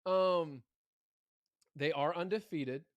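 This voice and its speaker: A man co-hosting a casual college sports podcast, animated and stumbling over repeated words as he talks. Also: a little high, slow, no echo, highs cut off. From Arkansas. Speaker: podcast co-host.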